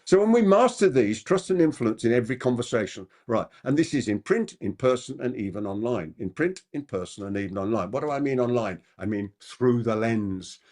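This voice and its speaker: With large pitch swings and an animated delivery, a male trainer runs a live masterclass on persuasion. He talks rapidly and constantly poses rhetorical questions to the crowd.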